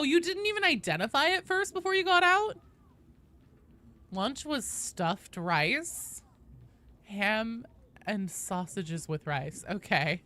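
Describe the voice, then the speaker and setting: A woman streaming a game, chatting casually with viewers, greeting them loudly and swearing freely. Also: mid-range voice.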